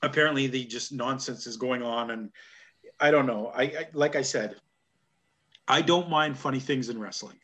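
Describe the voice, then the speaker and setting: A man's voice: medium pitch, moderate pace, a bit bright. Canadian man hosting a wrestling chat. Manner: jokey, grumbling, laughs often. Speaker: podcast host. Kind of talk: casual chat.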